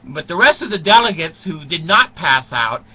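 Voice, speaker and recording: Old guy in his 60s rambling thru a funny story, laughs at his own jokes, high sharp voice, muffled lo-fi audio. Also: very animated, moderate pace, husky. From United States. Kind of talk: rambling comic monologue.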